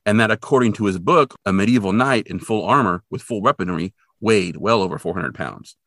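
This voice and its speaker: A man's voice: on the low side, a little fast, no echo, clean studio sound. A man co-hosting a casual podcast, retelling an episode with lots of fillers. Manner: animated retelling, many fillers, briefly acts out quoted characters. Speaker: podcast co-host. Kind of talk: casual episode recap chat.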